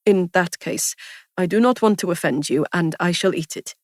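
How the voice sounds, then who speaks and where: Woman doing a polite young foreign man, formal careful speech, gentle and wistful, lowish voice, dry close sound. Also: moderate pace, no echo, close to an everyday voice. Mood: soft, wistful. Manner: formal, careful phrasing without contractions.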